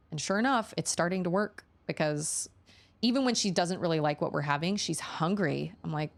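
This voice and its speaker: A woman streamer chatting casually with her viewers, a lively storyteller who acts out the lines she quotes. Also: fairly low pitch, normal speed.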